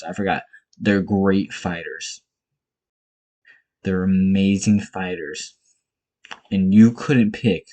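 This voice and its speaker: A young man with a husky, dark-toned voice, sitting low in his range. He rants in a casual vlog, blunt and profane, repeating short exasperated bursts. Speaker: MMA commentator vlogger.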